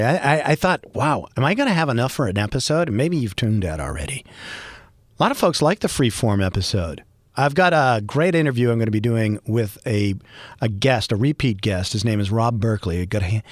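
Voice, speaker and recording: A middle-aged man from Boston with a Boston accent, hosting a solo podcast and rambling with wry, self-mocking humor and bursts of mock yelling. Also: medium pitch, no echo, clean studio sound. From Boston, USA. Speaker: podcast host. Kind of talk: freeform solo podcast monologue.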